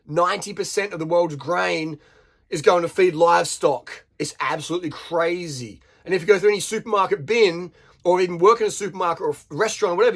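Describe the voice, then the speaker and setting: An Australian man ranting bluntly to camera, swearing freely and firing rhetorical questions at his viewers. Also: fairly high pitch. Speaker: vlogger. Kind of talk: unscripted rant to camera.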